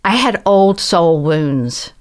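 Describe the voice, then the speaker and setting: A guest from the American South relates a personal story in conversational fashion, earnest and reflective with animated storytelling and quoted voices. She has a fairly low pitch and speaks slowly.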